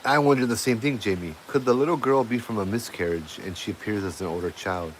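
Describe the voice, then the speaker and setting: Low-voiced man rambling through a ghost story. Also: quick pace, a little hiss or hum, poor audio. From Hawaii. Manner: rambling, conversational, many fillers and restarts. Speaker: livestream host telling ghost stories. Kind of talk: casual storytelling to a live chat.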